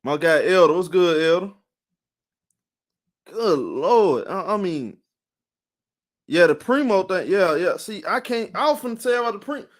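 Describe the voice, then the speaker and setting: Tired live-stream sports host, rambling. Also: male voice, high voice, animated, a little slow, long pauses. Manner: rambling, repeats himself, greets chat viewers by name.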